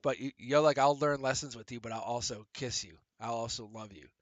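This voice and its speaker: A man doing a live-streamed tarot reading, animated and profane, laughing often and acting out little quoted voices. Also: medium pitch, brisk, no room sound. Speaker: tarot reader.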